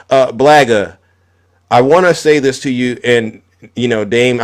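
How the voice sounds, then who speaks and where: A man giving heated political commentary as a live host, repeating words as he builds his point and mocking his opponents. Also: mid-range voice.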